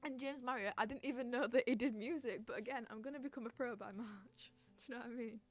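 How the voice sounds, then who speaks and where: A woman's voice: fairly high pitch, quick pace. Giggly rambling young woman streamer. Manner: rambling, giggly, reads out chat messages. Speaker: podcast host and streamer. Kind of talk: casual chat.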